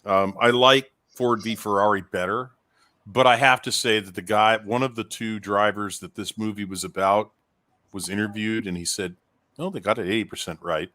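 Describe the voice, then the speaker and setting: A man's voice: lowish voice, steady tone, normal speed, bright, forceful tone, no room sound. A man talking in a casual chat as a podcast co-host, telling stories in a rambling way with many restarts.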